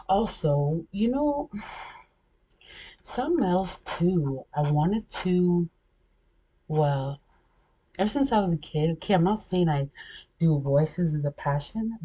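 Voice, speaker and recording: Low, dark-voiced woman rambling on a vlog. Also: breathy edge. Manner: rambling, self-interrupting, many fillers. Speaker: vlogger. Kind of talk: casual vlog monologue. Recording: dull lo-fi recording.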